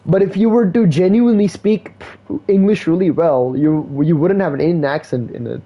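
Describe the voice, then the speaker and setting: Chatting live on stream, a man rambles casually in a slangy, laid-back manner, saying "bro" and "like" constantly. His voice is a little high, his pace moderate, and the audio lo-fi.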